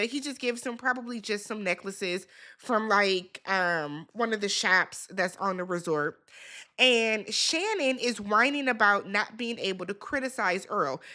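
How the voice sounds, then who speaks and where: A woman's voice: on the high side, sharp tone. A woman recapping a reality dating show in a casual, sassy way, talking back to the people on screen. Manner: chatty, with laughs and filler words.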